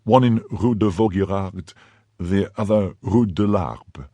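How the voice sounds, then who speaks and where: A man's voice: low voice, slow pace, dark tone, no echo. A man voicing a timid middle-aged mercer who answers anxiously and deferentially, crying out in alarm when frightened. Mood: nervous deference.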